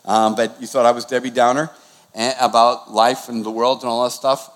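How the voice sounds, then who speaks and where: A pastor in his sixties preaches a conversational sermon, his volume swinging suddenly. His mid-range voice shows little pitch movement, and he speaks at normal speed with new-age music in the background.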